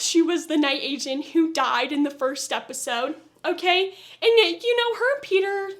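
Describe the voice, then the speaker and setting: A woman giving a casual, opinionated show review in a chatty way, getting loud and exasperated when she rants. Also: sits high.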